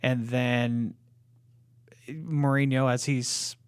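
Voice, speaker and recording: A man's voice: mid-range voice, fairly even intonation, very slow, smooth, no echo. A man hosting a sports card podcast, talking steadily and informatively with many short affirmations. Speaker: podcast host. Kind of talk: casual chat and card price rundown.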